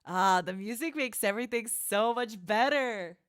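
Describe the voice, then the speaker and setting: A woman's voice: a little high, normal speed, no room sound, clean studio sound. A woman streamer hosting a watchalong in casual livestream chat, playful and affectionate, calling her viewers honey.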